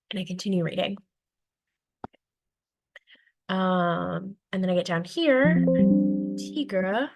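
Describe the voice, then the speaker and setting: A woman's voice: fairly low pitch, lively intonation, moderate pace, vocal fry. A woman who teaches languages to young students, chatting casually about her reading strategies with lots of fillers and acted-out classroom exchanges. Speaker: elementary world language teacher.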